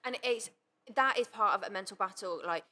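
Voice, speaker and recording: Bright-voiced agreeable woman co-host. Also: mid-range voice, fairly quick. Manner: agreeable, frequent affirmations. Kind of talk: casual podcast chat.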